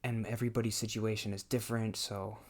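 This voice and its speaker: A man's voice: lowish voice, level tone, fast talker. A man talking casually while he plays a game, thinking aloud in a hesitant way and often restarting his sentences. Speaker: gameplay commentator.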